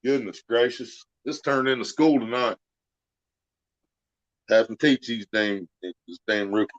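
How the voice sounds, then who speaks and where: A man's voice: medium pitch, fairly even intonation, measured pace, dry recording. A man from the United States hosting a casual, profane chat, telling crude stories and laughing through them. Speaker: podcast host. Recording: dull lo-fi dry recording.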